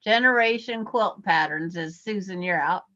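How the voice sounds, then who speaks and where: A woman's voice: mid-range voice, moderate pace, pushed and bright. A woman quilter chatting casually on a video call, rambling through a list of sources. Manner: rambling, lists sources in passing. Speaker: quilter in an online group chat. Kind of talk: casual chat. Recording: muffled video-call audio.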